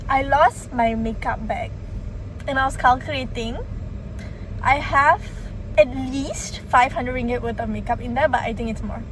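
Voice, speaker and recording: A young woman with a Malaysian English accent, talking to camera in a chatty, expressive vlog. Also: high voice, normal speed, slight background noise. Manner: chatty and expressive, swings between mumbled and excited. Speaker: vlogger. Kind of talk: casual vlog talk to camera.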